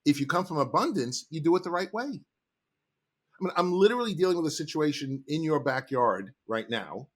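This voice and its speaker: A middle-aged man, a sales trainer, telling stories in an animated, emphatic way as a podcast guest. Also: a little high, fairly quick. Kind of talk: casual interview talk.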